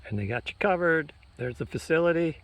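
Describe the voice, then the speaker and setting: A man's voice: a little high, animated, brisk. A man with a Minnesotan accent, casually narrating outdoors as he tours park trails on a recumbent trike, chatty and pointing things out along the way. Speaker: trike touring vlogger.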